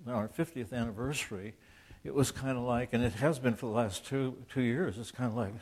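A man's voice: medium pitch, expressive, fast, a little mellow. Older man preaching in a rambling, earnest way. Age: 70s. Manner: conversational and rambling, with restarts and asides; earnest and plainspoken, acts out quoted dialogue. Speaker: Christian author and speaker. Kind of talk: informal preaching talk.

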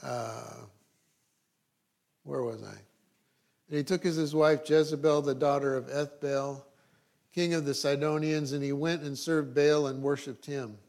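A man's voice: medium pitch, fairly even intonation, unhurried, creaky, pauses often, darkish tone. A middle-aged male pastor preaching a sermon, reading scripture and adding dry joking asides.

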